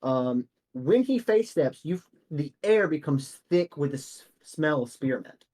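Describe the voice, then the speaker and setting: A man's voice: fairly high pitch, animated, measured pace, dark tone. A young man narrating casually as game master, with many fillers.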